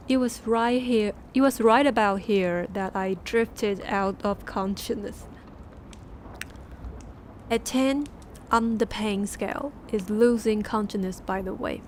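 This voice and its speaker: A woman, a Mandarin speaker, reading a book aloud on a stream with halting restarts and chatty asides. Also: mid-range voice, darkish tone, slight background noise. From Taiwan. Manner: laughing asides between passages.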